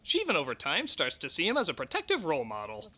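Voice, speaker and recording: A man's voice: fairly high pitch, wildly swooping pitch, fast talker, bright, forceful tone, a little hiss or hum. A man narrating a comedic film review, sarcastic and prone to exaggerated outbursts.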